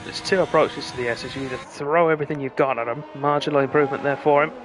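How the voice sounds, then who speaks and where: A man leads the commentary on a live online race, calling laps and times in quick play-by-play. His voice sits at an ordinary middle pitch, and he lifts into excited calls as the lap times close up. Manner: brisk play-by-play, rising excitement at close finishes. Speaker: lead commentator. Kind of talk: live sim-racing commentary.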